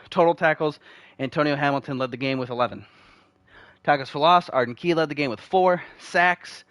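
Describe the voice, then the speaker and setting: A man's voice: fairly high pitch, a bit bright, clean tone, no echo. A young man in casual gameplay commentary, rambling and self-deprecating while reading off game stats. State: uncomfortable, needs the bathroom. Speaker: video game franchise mode host.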